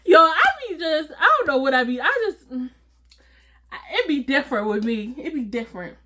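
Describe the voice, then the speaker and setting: A woman telling a personal story to her viewers in a casual, animated, slangy way, often breaking into laughter. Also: sits high, moderate pace, pauses often. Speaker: storytime vlogger.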